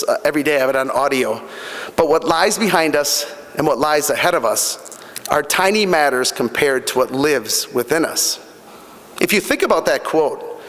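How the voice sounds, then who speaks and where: Man, middle-aged, motivational speech, earnest storytelling, fillers, fairly high voice, echoing hall. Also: a bit bright. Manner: earnest storytelling, repeats himself, many fillers. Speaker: guest speaker at a fundraising breakfast. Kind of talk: motivational speech with personal stories. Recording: long hall reverb.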